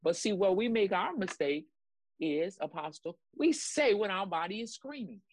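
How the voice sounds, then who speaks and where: A woman's voice: mid-range voice, animated, moderate pace, a little mellow, slight background noise. A woman co-hosting a ministry broadcast, preaching in an emphatic, repetitive way and urging her listeners on. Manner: exclamatory praise. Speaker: ministry co-host. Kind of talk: preaching commentary.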